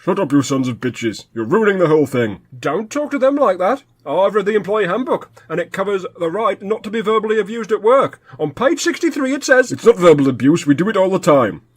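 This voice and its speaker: A man's voice: high voice, big pitch swings, fairly quick, husky, heavily acted. A man playing a fussy, indignant worker who keeps quoting the employee handbook. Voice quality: pedantic, indignant. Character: fussy rule-quoting male clock worker. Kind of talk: sketch comedy acting.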